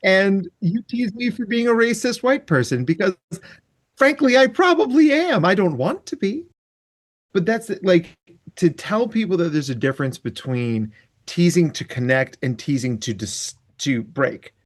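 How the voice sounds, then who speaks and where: A man hosting a podcast, chatting and explaining ideas in an animated way. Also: high voice, measured pace. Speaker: podcast host. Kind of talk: casual podcast chat.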